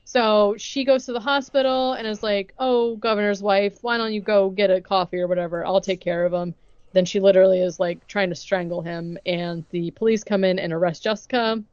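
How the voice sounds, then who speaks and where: A woman's voice: mid-range voice, steady tone, fairly quick, darkish tone, clean tone, no echo, lo-fi sound. A young woman co-hosting a podcast, retelling a movie plot in casual chat, full of "like" and acted-out quotes. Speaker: podcast co-host recapping a movie.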